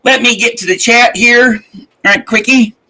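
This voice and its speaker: A man's voice: extremely high pitch, fairly even intonation, unhurried, sharp tone, low-quality recording. A man hosting a morning live stream, rambling and laughing as he greets his chat. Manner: rambling, laughing, swearing, chatty. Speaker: livestream host.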